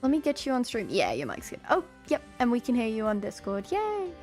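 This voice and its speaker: A woman's voice: a little high, huge pitch swings, fairly quick, a little mellow, faint music behind. A young woman hosting a live stream on a headset, chatting casually, greeting viewers and reading chat aloud. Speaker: streamer host.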